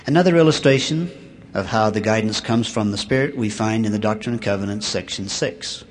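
A man giving a sermon, reading scripture aloud in a measured way that slows and swells on the verses. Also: lowish voice, slight background noise. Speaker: church speaker.

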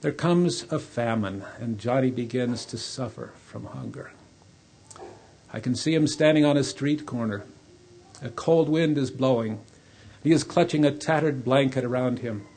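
A preacher telling a sermon story in a slow, vivid, dramatic way, with a husky voice. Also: male voice, mid-range voice, darkish tone, a little hiss or hum.

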